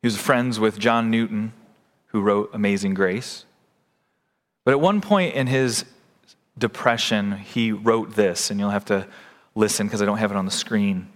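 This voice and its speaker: A man's voice: on the low side, measured pace, long reverb tail. A man preaching a sermon in a church, earnest and posing questions to the congregation. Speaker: pastor. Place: church sanctuary.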